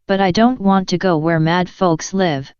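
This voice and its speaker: A woman reading the part of a polite, puzzled young girl in an audiobook, in a slow, dull lo-fi recording. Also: fairly low pitch, smooth, dry recording, natural voice. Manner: politely questioning. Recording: dull lo-fi sound.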